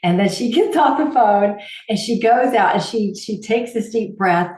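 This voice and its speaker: A woman's voice: medium pitch, moderate pace. A woman guest, a holistic healer, telling stories in an interview and acting out the people she quotes. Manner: animated, acts out quoted voices. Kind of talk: interview storytelling. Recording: roomy echo.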